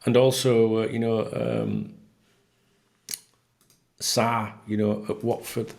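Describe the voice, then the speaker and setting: A man's voice: lowish voice, level tone, slow pace, darkish tone. A man talking casually to camera as a football fan vlogger, blunt and exasperated, swearing freely. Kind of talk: casual solo talk to camera.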